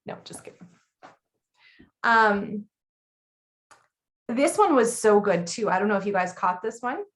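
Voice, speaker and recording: A woman in her thirties co-hosting a casual chat, blunt and chatty with quick laughs. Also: medium pitch, animated. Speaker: podcast co-host.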